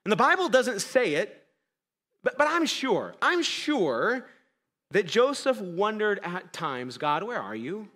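A man preaching a sermon as a pastor in a church, conversational and self-correcting, swinging between quiet, intimate passages and loud, urgent ones. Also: high voice, big pitch swings, takes it slowly, long reverb tail.

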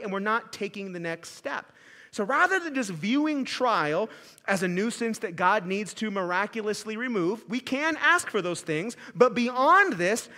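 High, bright-voiced impassioned male preacher. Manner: impassioned, swings between loud pleading and hushed quiet. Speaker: pastor. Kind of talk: sermon.

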